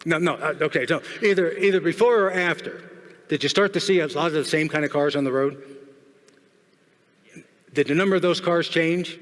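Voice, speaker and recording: A man's voice: on the high side, moderate pace, long pauses, fairly bright tone. A middle-aged man giving a keynote speech on stage, joking and firing questions at the audience. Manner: jokey, asks the audience questions. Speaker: keynote speaker. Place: large hall with audience. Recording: long hall reverb.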